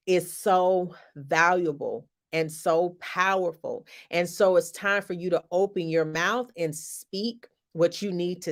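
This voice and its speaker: Woman, business coach, motivational live stream, emphatic, repeats lines for stress. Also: on the low side. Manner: emphatic, preacherly repetition.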